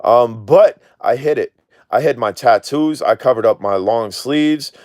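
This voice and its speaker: A man's voice: medium pitch, unhurried, a little mellow, no echo, studio quality. A man talking candidly in a live stream, using slangy street speech with clipped words, rambling and swearing freely. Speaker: drone video creator. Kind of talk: casual live-stream chat.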